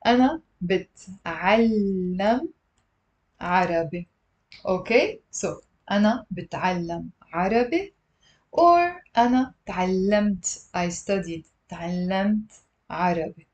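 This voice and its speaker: A woman teaching a live-streamed language lesson, patiently repeating words slowly for her learners. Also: medium pitch, animated. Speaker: Lebanese Arabic teacher. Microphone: livestream camera mic.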